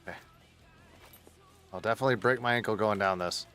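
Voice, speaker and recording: A man's voice: fairly low pitch, brisk, a bit bright, faint music behind. A man giving casual running commentary while playing a survival game, muttering and swearing under his breath as he sneaks along. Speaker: gaming streamer.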